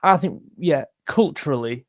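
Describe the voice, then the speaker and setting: A man's voice: on the high side, lively intonation, normal speed. A young man, chatting casually on a livestream, reading viewer comments with a tired voice. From England. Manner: rambling, chatty, self-interrupting. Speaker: music livestream host.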